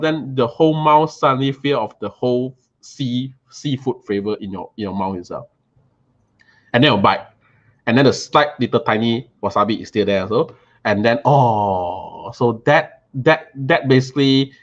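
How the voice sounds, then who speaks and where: A man telling an animated, casual story about a meal, often repeating and restarting words. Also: mid-range voice, lo-fi sound.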